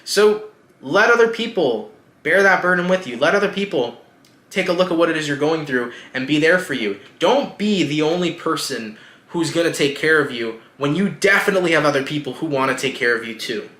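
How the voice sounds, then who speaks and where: A man reads tarot cards in a relaxed, reassuring way, talking directly to his viewers. His voice is bright and a little high for a man. It rings in an echoey room. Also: fairly quick. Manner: reassuring, speaks straight to the viewer. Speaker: tarot reader. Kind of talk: casual tarot reading.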